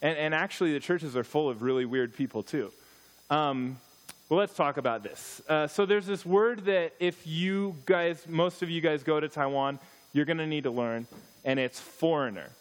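A man's voice: on the high side, moderate pace. Joking man telling church stories. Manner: storytelling, joking, animated asides. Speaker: missionary speaker. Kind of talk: church talk with humorous stories.

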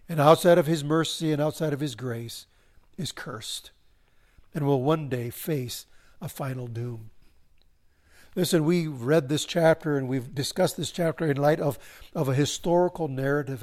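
A man preaching a sermon, swelling to emphasis and slowing into solemn pauses. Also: on the high side, darkish tone. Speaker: pastor.

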